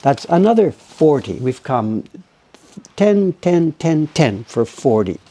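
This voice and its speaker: A man's voice: on the high side, big pitch swings, slow pace, warm tone. An older man chatting casually on a live stream as he works at printmaking, rambling and correcting himself as he goes. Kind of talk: casual live-stream chat while working.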